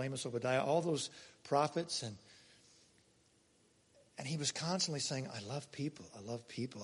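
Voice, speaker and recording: Male pastor, fairly high voice, long church reverb, chatty sermon with big loud-soft swings. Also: slightly rough. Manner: conversational preaching with sudden swings between loud and soft.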